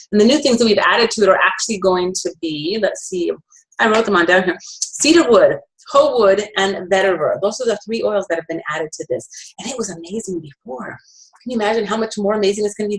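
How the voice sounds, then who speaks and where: A woman's voice: medium pitch, poor audio. A middle-aged woman presenting essential oils, telling a personal story in a chatty way with fillers and self-corrections.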